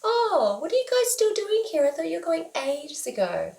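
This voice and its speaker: A woman voicing a breezy, cheerful woman who shares the house, airy, high and surprised. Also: wildly swooping pitch, moderate pace, vocal fry, darkish tone, exaggerated voice. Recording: roomy echo.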